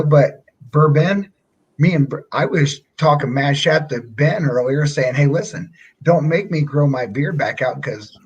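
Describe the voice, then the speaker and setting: A man's voice: medium pitch, breathy edge, dull audio. A middle-aged man co-hosting a casual livestream chat, telling stories with lots of restarts. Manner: animated storyteller, frequent restarts. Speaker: livestream co-host. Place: away from home on a small setup.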